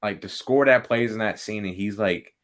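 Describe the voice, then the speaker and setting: A young man co-hosting a podcast in casual chat, excitable, saying "like" constantly and laughing often. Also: on the low side, normal speed. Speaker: podcast co-host.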